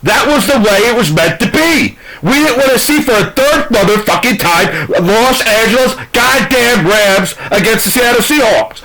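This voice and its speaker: Frustrated male sports podcaster, profane rambling rant, voice on the higher side. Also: pushed and bright, poor audio. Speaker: sports commentator. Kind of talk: ranting sports recap.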